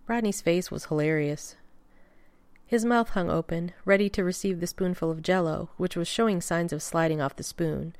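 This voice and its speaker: A woman narrating a fan fiction story in an even, expressive storytelling manner. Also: on the low side, normal speed, smooth, dry recording.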